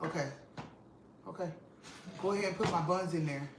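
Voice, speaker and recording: A woman vlog host, telling an animated, emphatic story to her viewers and repeating lines for effect, at home in her kitchen. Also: lowish voice, moderate pace. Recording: roomy echo with faint noise.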